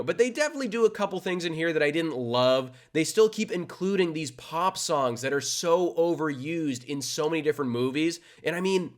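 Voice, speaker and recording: Young male reviewer, slightly high voice, casual and candid, teasing the viewer now and then. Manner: animated and candid, with playful jabs. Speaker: movie reviewer.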